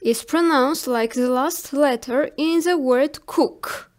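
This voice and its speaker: Very slow-speaking high-voiced woman teacher. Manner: slow, careful, repeating each word. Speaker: language teacher. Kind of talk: slow scripted language lesson.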